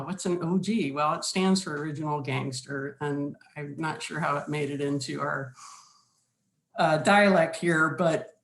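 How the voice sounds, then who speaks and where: A woman giving a slide presentation, speaking in a measured, instructive way with deliberate pauses. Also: lowish voice. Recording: roomy echo.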